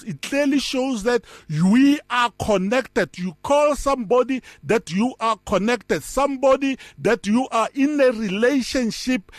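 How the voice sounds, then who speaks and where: A man's voice: extremely high pitch, no echo, clean studio sound. A man giving a Bible teaching as a pastor, repeating words and stressing key phrases as he preaches.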